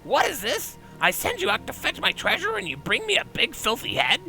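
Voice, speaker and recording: Shrill gravelly goblin crook, greedy and scheming, wildly swooping pitch, soft game music behind. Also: male voice, wildly swooping pitch, a little fast, heavily acted, rough recording. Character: greedy male goblin smuggler boss, scheming. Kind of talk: game voice-over dubbing.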